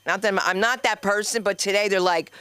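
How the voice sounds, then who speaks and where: Female comedy host, New Jersey accent, brash and profane; smooth, dry close-miked sound. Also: mid-range voice, fairly even intonation, fairly quick, fairly bright tone, no echo. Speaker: comedy school owner and host. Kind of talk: stand-up comedy. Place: comedy club stage.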